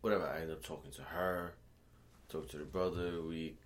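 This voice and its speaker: A man's voice: rumbling low, normal speed. A man telling a rambling, profane story to friends in casual chat, with faint noise behind him. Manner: profane, rambling, animated when quoting.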